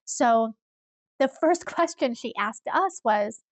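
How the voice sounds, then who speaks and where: A woman co-hosting a casual podcast, telling stories in an animated way and laughing often. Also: a little high, slow pace, dry recording. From Iowa. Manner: animated storyteller, laughs often, acts out quoted people. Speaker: podcast co-host.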